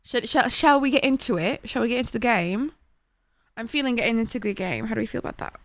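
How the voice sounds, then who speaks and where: A young woman streamer chatting casually with viewers, excitable and swearing, laughing often. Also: a little high, fast talker, no echo. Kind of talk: casual gaming stream chat.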